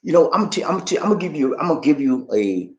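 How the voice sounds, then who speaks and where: A man hosting a casual live-stream show and reading out viewer comments. He is chatty and says "man" often, and he jumps from excited high bursts to low, serious talk. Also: fast, highs cut off.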